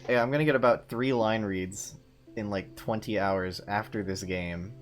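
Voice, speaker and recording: A man's voice: lowish voice, moderate pace. Joking man in casual group chat. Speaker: player in a group readthrough.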